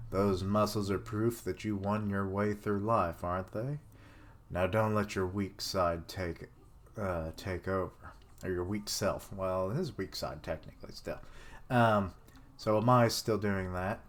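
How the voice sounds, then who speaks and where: Guy streaming a manga reaction, lowish voice, cracks jokes and swears a lot. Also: a little slow. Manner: joking, swears often, laughs at own jokes. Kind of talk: live reaction, reading aloud and commenting.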